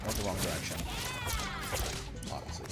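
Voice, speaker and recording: A man's voice: sits low, moderate pace, loud music behind the voice. A young Canadian man giving casual, jokey livestream commentary while he plays, talking to his chat. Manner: excitable, jokey, talks to chat. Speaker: streamer.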